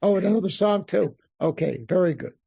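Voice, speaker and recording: A man, a rabbi, teaching an interactive Psalms class, reading Hebrew verses slowly and then explaining them while thinking aloud. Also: high-pitched, lively intonation, creaky, husky. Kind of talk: interactive text study class. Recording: dull lo-fi class recording.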